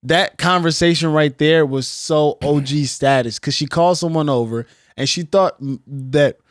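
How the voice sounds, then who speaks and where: A young man with a slightly high voice co-hosts a casual podcast chat. He talks in an animated way, swears freely and slips into quick impressions of people. The sound is close and dry. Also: no room sound. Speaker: podcast co-host.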